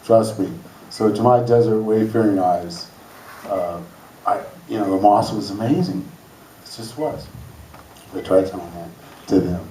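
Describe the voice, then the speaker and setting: A man's voice: fairly low pitch, measured pace, pauses often, warm tone, slight background noise. Rambling comic man in a roomy hall. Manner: rambling, laid-back, loose jokey delivery. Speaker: stand-up comedian. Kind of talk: stand-up comedy. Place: school hall open stage before a laughing crowd. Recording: roomy hall, mic set far off. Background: audience laughter.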